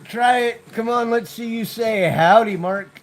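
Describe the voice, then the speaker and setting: A man's voice: very high voice, level tone, a little slow, a bit bright. An American man on a casual livestream, talking in a laid-back way to his dogs and to viewers in the chat. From United States. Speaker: vlogger.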